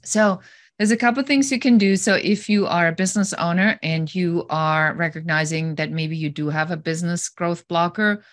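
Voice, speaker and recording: Low-voiced woman telling lively stories. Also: no room sound, clean studio sound. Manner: animated storyteller, acting out scenarios. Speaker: podcast guest, business growth advisor. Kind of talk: conversational interview.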